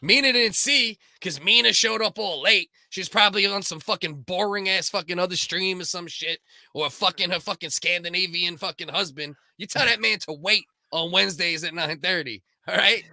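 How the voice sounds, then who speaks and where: A man's voice: high-pitched, moderate pace, bright, forceful tone, no room sound, clean studio sound. A man from Staten Island with a New York accent, co-hosting a podcast in crude, rambling, laugh-filled banter. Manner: rambling, laughs often, swears a lot. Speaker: podcast co-host.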